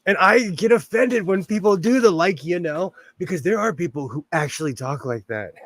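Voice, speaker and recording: Chatty Southern Californian man, fairly high. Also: expressive, brisk, no echo. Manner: rambling, chatty, laughs often. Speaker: livestream host. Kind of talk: casual livestream chat.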